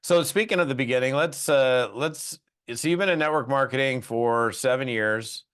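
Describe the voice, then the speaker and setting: A man's voice: mid-range voice, normal speed, a bit bright, clear, resonant tone. A man from the US West Coast hosting an interview podcast, chatting casually and joking with his guest. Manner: jokey, friendly, says "you know" and "uh" a lot. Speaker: podcast host.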